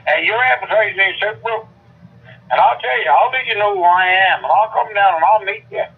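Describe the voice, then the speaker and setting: A man's voice: high-pitched, a little fast, slightly rough. A man, an angry caller ranting and stammering through a heated phone call. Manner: ranting, profane, stammering repeats. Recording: tinny phone line.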